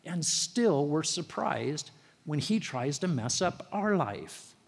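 Pastor, high male voice, chatty sermon with stories, long hall reverb. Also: very animated, slow, vocal fry, husky. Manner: conversational storytelling preacher, rising emphasis on key phrases.

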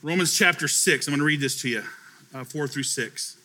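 A man's voice: fairly high pitch, brisk, sharp tone. A man preaching a conversational sermon to his church as pastor, telling stories with acted-out dialogue.

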